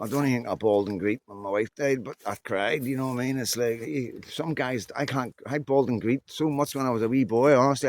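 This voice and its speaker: Northern Irish man, fifties, blunt rambling vlogger talking into a phone outdoors. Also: mid-range voice. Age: 50s. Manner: rambling, candid, blunt, mild swearing. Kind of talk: casual monologue to camera. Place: outdoors on a muddy walk.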